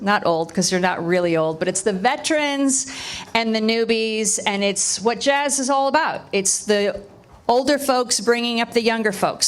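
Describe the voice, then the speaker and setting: A woman hosting a live event, thanking people warmly and using jazz slang, sometimes close to tears. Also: on the high side. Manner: effusive, emotional, jazz slang. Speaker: event host. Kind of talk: live emcee thank-yous. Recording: live venue with crowd noise.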